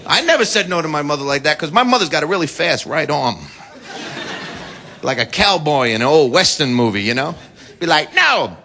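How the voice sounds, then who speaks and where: An American man doing a stand-up comedy routine, brash and profane, telling stories with shouted impressions. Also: fairly high pitch, animated, a little fast, vocal fry. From United States. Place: comedy club stage before a live audience. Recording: live club recording, loud crowd and noise. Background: audience laughter and applause.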